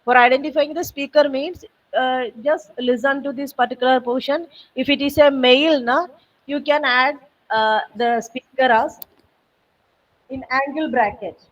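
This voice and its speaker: A woman giving patient, step-by-step software training over a video call, with frequent fillers. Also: high voice, fairly even intonation, moderate pace, distant mic, dull audio. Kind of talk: online training session walkthrough.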